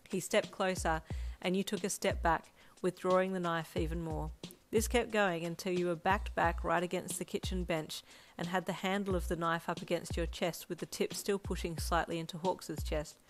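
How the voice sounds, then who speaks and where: A woman narrating a second-person fanfiction audio story in a steady, even storytelling voice. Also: fairly low pitch. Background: faint lo-fi drum loop music.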